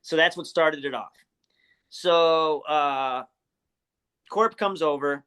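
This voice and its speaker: A man's voice: on the high side, slow pace, a bit bright, smooth. A man in his forties from the Chicago area, telling profane, laugh-filled stories as a guest in a casual interview. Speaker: wrestler guest.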